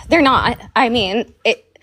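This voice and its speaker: A woman calling in to a talk show, upset and near tears, speaking urgently in halting phrases. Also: on the high side, fairly bright tone, slight background noise. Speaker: caller. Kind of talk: phone-in call. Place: North Carolina.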